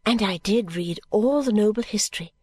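A woman reads a novel aloud in the first person, earnest and tender, with measured phrasing. Her voice sits at a middle pitch. The recording is dry and close, with no room sound. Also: darkish tone, slightly rough, dry recording. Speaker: audiobook narrator. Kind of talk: scripted narration of a novel.

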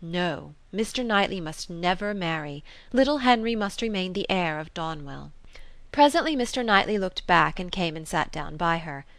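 A woman narrating an audiobook of a classic novel in a measured, even manner. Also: on the low side, dry recording.

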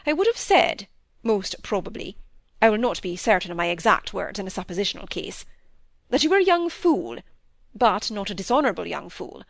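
A woman's voice: medium pitch, sing-song, brisk, gravelly, dry recording. A woman reading aloud as a dry-witted, stern middle-aged male country doctor in a storybook. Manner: wry, then sternly lecturing.

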